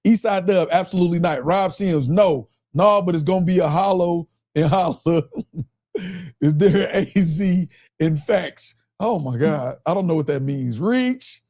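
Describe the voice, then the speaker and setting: An animated man with a Michigan accent hosts a live stream, reading the chat aloud and laughing often. His voice sits high for a man, and he asks the same question over and over in loose, casual commentary. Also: a little slow. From Michigan, US Midwest.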